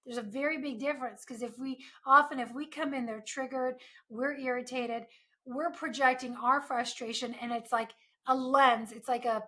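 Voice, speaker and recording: Woman podcast host, bright and slightly high voice, earnest coaching monologue. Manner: earnest, coaching tone with frequent rhetorical asides.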